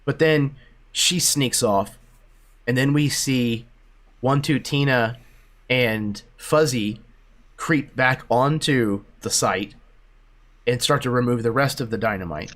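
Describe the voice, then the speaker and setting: A man's voice: mid-range voice, takes it slowly, long pauses, a bit bright. Casual man narrating game events. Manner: casual, loose narration with fillers. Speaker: game master.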